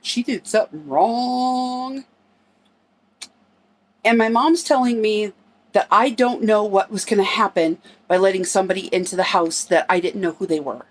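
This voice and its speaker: A middle-aged woman tells a personal family story in a relaxed, conversational way. Her voice sits at an ordinary middle pitch, and she acts out what each person said as she recounts it. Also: fairly quick. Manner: conversational, acts out quoted dialogue in her telling.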